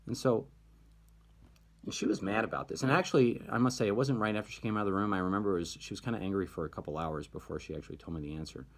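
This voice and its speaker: Low-voiced man rambling with many fillers. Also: very fast, hardly any pauses. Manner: hesitant, many fillers and restarts. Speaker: video host. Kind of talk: casual storytelling monologue.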